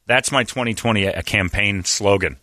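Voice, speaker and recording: Bright, low-voiced sarcastic comedian man. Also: brisk, dry recording. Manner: crude, sarcastic and emphatic. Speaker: podcast host. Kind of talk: casual comedic rant.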